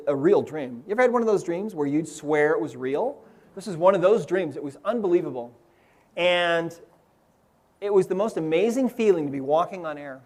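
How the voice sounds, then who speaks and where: Earnest high-voiced man telling a story. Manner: earnest storytelling, frequent "right?" checks. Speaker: seminar speaker. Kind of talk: inspirational seminar talk. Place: seminar room with live audience.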